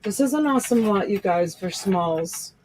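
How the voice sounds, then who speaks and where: A woman's voice: medium pitch, expressive, normal speed, background noise. A woman hosting a casual live-stream jewelry sale, gushing over pieces and joking with viewers. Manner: gushing, exclaims over items, laughs often. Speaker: host selling jewelry lots in a live stream.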